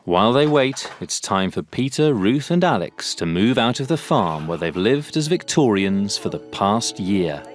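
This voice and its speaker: Male documentary narrator, low and lively, measured and a little wry, music underneath. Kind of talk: scripted narration.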